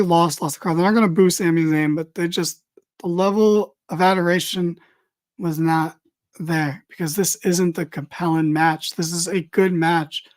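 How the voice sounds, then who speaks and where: A woman giving a casual, opinionated wrestling recap, blunt and swearing freely as she reads viewer comments. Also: lowish voice. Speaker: wrestling show reviewer.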